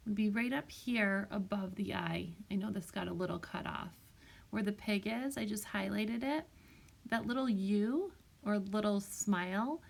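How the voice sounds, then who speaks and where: A woman's voice: mid-range voice, creaky. A woman teacher giving a recorded spelling lesson to young children, patiently sounding out each word. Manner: slow, patient, sounds words out carefully. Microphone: tablet microphone.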